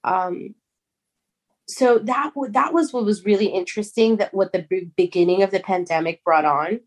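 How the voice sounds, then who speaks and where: Young woman, earnest and halting, plain middle voice, heartfelt storytelling. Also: medium pitch. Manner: halting, restarts words, earnest. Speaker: guest. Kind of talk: emotional personal storytelling.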